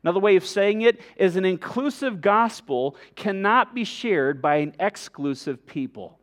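High-voiced pastor preaching earnestly. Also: male voice, animated, fairly bright tone. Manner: earnest, emphatic preaching with measured pauses. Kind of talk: sermon.

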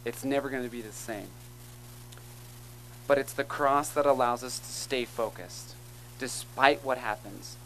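A man's voice: medium pitch, a little slow, pauses often, sharp tone, a little hiss or hum, poor audio. A man preaching a sermon as pastor, earnest and emphatic, calling out to the congregation between points. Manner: earnest, emphatic preaching with call-and-response asides.

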